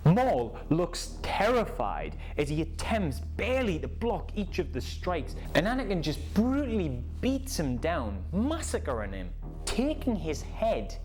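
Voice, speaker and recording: A man narrating a story in a casual, animated way and acting out the scenes. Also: sits high, unhurried, faint music behind. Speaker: YouTube creator.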